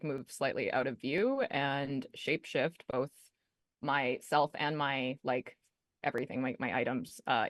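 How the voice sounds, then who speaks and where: A player in a tabletop game who talks in a hesitant, halting way with many restarts. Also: medium pitch, dry recording, clean studio sound.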